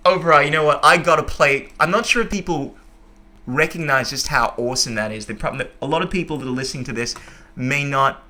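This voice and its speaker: A man's voice: a little high, fairly quick, bright, forceful tone. A man hosting a podcast, talking in a casual, enthusiastic and emphatic way. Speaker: podcast host. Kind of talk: casual conversation.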